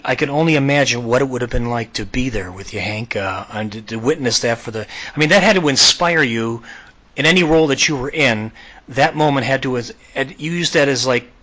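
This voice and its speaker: Bright-voiced male talk show host. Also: mid-range voice. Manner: admiring, halting with repeated words. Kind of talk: interview chat.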